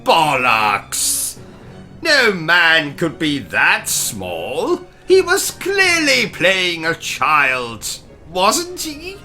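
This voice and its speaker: A man's voice: fairly high pitch, wildly swooping pitch, drawn-out words, bright, forceful tone, faint music behind. Pompous British man with a wildly swinging voice. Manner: pompous, theatrical, exclamatory. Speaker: gaming channel host. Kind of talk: comedic let's-play commentary with skits.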